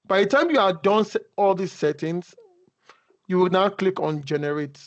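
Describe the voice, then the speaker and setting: A man's voice: high voice, normal speed. A man giving a casual tutorial over a video call, talking conversationally and often restarting his sentences. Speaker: instructor. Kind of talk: casual screen-share tutorial. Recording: muffled video call audio.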